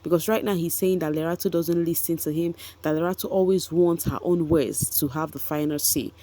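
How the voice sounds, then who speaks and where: A woman's voice: deep voice, fairly even intonation, a little fast, mellow. A woman, gossiping chattily about a reality show for her vlog viewers, with frequent asides to them. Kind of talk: casual commentary vlog.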